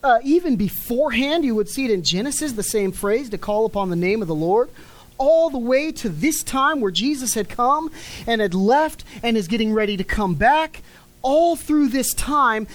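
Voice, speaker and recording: A woman's voice: a little high, low-quality recording. A woman preaching a sermon in an emphatic way, stretching key words and letting her lines fall at the end. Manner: emphatic, drawn-out words with falling endings.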